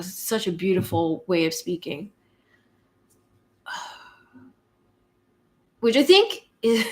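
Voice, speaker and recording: A Canadian woman hosts a live chat and talks in a relaxed, unhurried way, taking her time between thoughts. Her voice sits at a middle pitch, and she fills pauses with ums as she answers viewer comments. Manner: unhurried and conversational, with frequent ums and light laughs.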